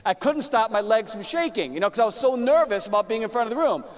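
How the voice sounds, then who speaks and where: Male business speaker, higher register, anecdotal delivery, reverberant hall. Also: expressive, fast. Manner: storytelling, repeats words, acts out his own past lines. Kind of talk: motivational talk to an audience. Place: large room with live audience.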